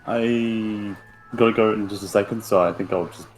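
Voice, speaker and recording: A man's voice: on the low side, steady tone, normal speed, a little hiss or hum, low-quality recording. A man playing a tabletop game, chatting casually in a rambling, laughing way and swearing freely. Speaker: player. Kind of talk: casual chat.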